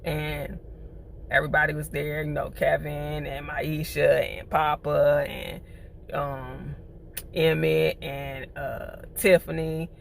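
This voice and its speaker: Woman reviewer, casual recap, gravelly voice, slangy and animated, faint hum. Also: low-pitched, slow pace. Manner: chatty, animated, uses slang. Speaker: TV show reviewer.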